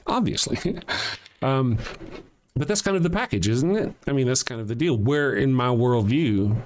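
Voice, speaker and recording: The host of a casual livestream, an older man with a Southern US accent and a mid-range voice, reads out viewer comments. His delivery is blunt and profane, punctuated by frequent chuckles.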